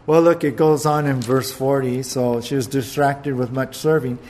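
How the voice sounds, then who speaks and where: A man's voice: mid-range voice, fairly even intonation, moderate pace, darkish tone. A man preaching a sermon in an earnest way, often repeating words and putting questions to his listeners. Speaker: pastor.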